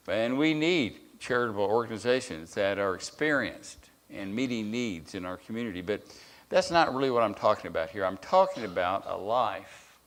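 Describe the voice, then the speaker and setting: Low-voiced man preaching a sermon. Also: a bit bright. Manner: storytelling, with repeated restarts and uh fillers. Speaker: guest preacher.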